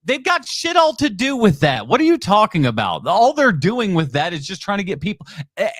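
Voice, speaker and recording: Guy ranting on his movie podcast, swings his pitch all over, super dry mic. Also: wildly swooping pitch, brisk, fairly bright tone, dry recording. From United States. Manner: blunt, sarcastic, laughs often. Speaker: podcast host. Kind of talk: reacting to videos on a live stream.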